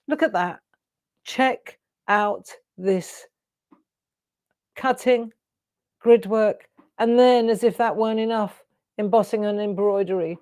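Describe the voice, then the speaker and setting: A woman's voice: fairly high pitch, darkish tone, no room sound. A woman in her sixties hosting a craft show, chatty and effusive, gushing over viewers' artwork with storytelling asides. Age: 60s.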